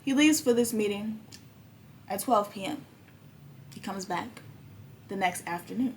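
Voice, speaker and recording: A young woman, hosting a podcast and telling a story in animated, profane casual chat. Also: mid-range voice, unhurried, a little hiss or hum. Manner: animated, swears freely, acts out quoted dialogue. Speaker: podcast host.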